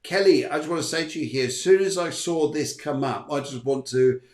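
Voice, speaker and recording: A man's voice: on the high side, brisk, darkish tone. A man hosting a live online chat show as a medium, chatty and playful as he reads out viewer messages. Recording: echoey room.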